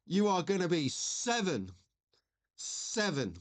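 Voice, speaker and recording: He's in his forties, hosting a live stream with meandering small talk and viewer messages read on air. His high voice is very animated, though he takes his time.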